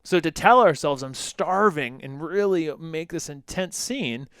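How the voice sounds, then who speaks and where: Animated male fitness coach, dry close mic. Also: fairly high pitch, a little slow, smooth, dry recording. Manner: animated, acts out quotes in lively voices. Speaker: fitness coach and podcast co-host. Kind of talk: casual podcast conversation.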